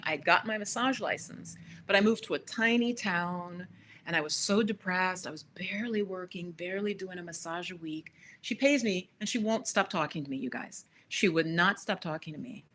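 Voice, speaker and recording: A woman's voice: lowish voice, a bit bright, slight background noise. Chatty woman hosting a live stream. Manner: chatty, addresses viewers directly with frequent asides. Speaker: spiritual manifestation coach hosting a live stream. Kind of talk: casual live-stream storytelling to viewers.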